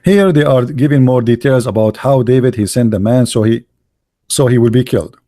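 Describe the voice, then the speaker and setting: A man arguing and mocking as he reads from texts, sharp and combative, stopping often with fillers while he searches. His voice sits at an ordinary male pitch and is recorded close and dry, with no room sound. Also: no echo. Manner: mocking, insulting and argumentative; halting, with many fillers while searching pages. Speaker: religious debate commentator. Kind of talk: combative commentary while reading texts on screen.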